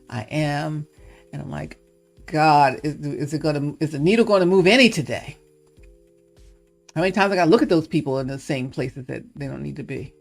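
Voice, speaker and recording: Low, gravelly woman on a livestream. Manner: playful and musing, drifts into encouragement; acts out little voices of characters. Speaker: live stream host. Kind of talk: casual livestream monologue.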